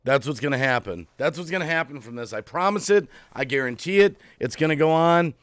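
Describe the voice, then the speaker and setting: An agitated man rants on his live stream, his voice sitting a little high for a man. He repeats himself and swings from low mutters to loud outbursts. The sound is dry and close, with no room in it. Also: lively intonation, a little fast, dry recording. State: agitated, heart racing. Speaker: YouTube channel host. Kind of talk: emotional live-stream rant.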